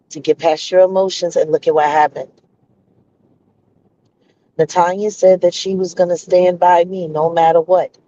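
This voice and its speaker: A woman's voice: low-pitched, mellow. A woman speaking earnestly and insistently on a livestream, laying out her side of events. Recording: dull lo-fi stream audio.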